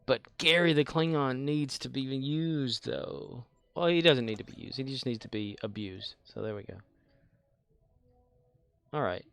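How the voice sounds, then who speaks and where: A man's voice: medium pitch, measured pace, creaky, a bit bright, smooth, no echo. A man casually chatting while he streams a space game, laughing often and answering his chat.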